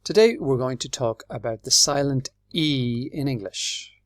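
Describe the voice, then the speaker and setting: A man with an Irish accent teaching English, explaining patiently and clearly and spelling words out letter by letter. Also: mid-range voice, lively intonation, unhurried, no room sound, clean studio sound. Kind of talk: slow, clear classroom explanation.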